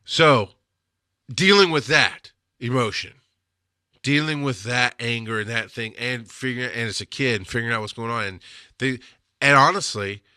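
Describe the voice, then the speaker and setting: In this clean studio recording with no echo, a man with a medium-pitched, pushed and bright voice speaks at a normal pace. He's an EMS instructor casually telling stories from his days as an emergency medic, blunt and emotional, and he swears when he gets angry.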